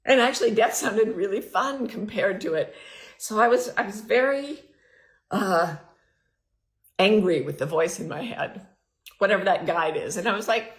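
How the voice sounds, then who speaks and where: A woman's voice: mid-range voice, moderate pace, roomy sound. A middle-aged woman hosting her podcast, telling a candid personal story and acting out her inner dialogue with big swings in her voice. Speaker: podcast host.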